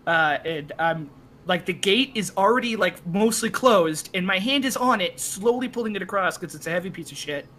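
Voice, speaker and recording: A Canadian man telling stories as a podcast guest, animated, swearing freely and acting out the people he quotes. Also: sits high, moderate pace. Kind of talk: casual storytelling.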